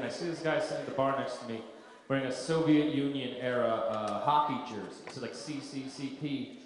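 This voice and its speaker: A man performing a stand-up comedy set on a club stage, telling stories in a deadpan way with absurd punchlines. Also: medium pitch. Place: comedy club stage before a live audience. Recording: echoey club with crowd laughter. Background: audience laughter.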